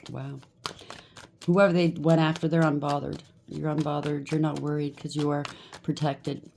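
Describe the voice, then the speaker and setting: A woman with a low, mellow voice doing a tarot card reading. She speaks bluntly and scolds freely, with faint noise in the background. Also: little pitch movement, normal speed, creaky. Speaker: tarot reader.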